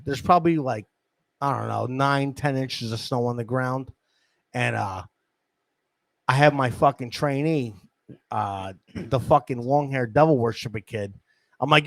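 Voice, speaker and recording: With vocal fry and long pauses, a man speaks in a mid-range voice, a little slowly, recounting a rambling, profane street-hustler story on his podcast. The studio mic picks up no echo.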